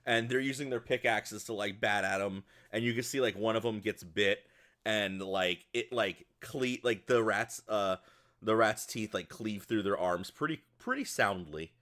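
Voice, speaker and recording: A man's voice: on the low side, normal speed, fairly bright tone. A man narrating as game master in a casual, rambling way with lots of fillers.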